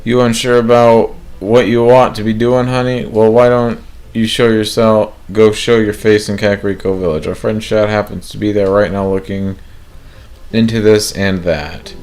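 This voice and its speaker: A man voicing a warm, motherly middle-aged woman who runs a bar, in a Canadian accent, calling everyone honey. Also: on the low side, little pitch movement, normal speed, pitched above the performer's own voice, natural voice. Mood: delighted. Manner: folksy, calls everyone honey.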